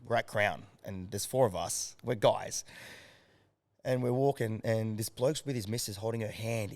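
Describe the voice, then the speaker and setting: An Australian man, a strength coach, chatting casually as a podcast guest and telling stories with lots of energy and swearing. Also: lowish voice. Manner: animated storyteller, swears freely.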